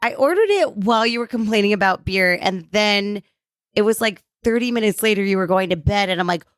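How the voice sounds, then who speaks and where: A woman guest on a podcast, retelling a story in a lively casual chat. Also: mid-range voice, fairly quick, no echo, clean studio sound.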